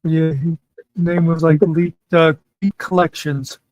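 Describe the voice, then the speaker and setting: A man's voice: a little high, level tone, a little slow, a little mellow, no room sound, low-quality recording. Rambling man in casual chat. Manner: rambling, meandering with many fillers. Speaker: podcast host.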